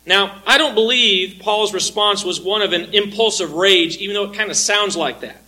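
A man delivers an expository sermon in a high, brilliantly bright voice. He speaks earnestly and deliberately, rising on his emphatic points and dropping low as he drives each thought home. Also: rough recording. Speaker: preacher. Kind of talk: expository sermon with scripture reading.

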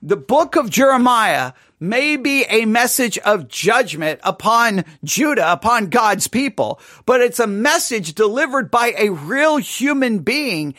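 A man preaching a sermon, impassioned, with frequent stammering restarts and sudden bursts of shouting. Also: very high voice, very animated, unhurried, hardly any pauses, no room sound, studio quality. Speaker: pastor.

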